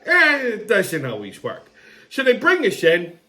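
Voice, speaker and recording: Hosting his own show, a man tells a story as a comedic monologue, profane and sarcastic. He moves at a measured pace, swinging between low muttering and excited outbursts.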